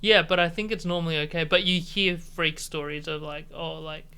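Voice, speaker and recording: Guest: Australian man, bright gravelly voice, laid-back rambling delivery. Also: on the high side, steady tone, normal speed. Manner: easygoing, filler-heavy, trailing off. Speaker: comedian guest. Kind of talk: casual chat.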